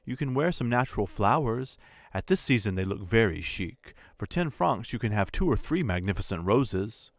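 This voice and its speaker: In an audiobook, a man plays a mild young clerk husband in a voice lifted high above his own. He pleads and coaxes, and at times stammers. The sound is dry and close. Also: lively intonation, normal speed, dry recording. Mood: hopeful. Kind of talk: audiobook character voice.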